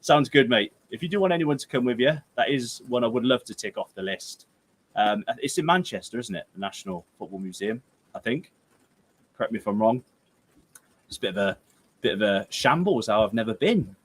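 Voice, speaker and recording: A rambling, jokey young man with a Herefordshire and Gloucestershire accent runs a casual football livestream from home. He reads viewer comments and sounds tired. His voice sits at an ordinary, middle pitch for a man. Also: lively intonation, brisk, slightly rough. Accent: Gloucestershire/Herefordshire English. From England. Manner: chatty, jokey, rambling, with playful outbursts.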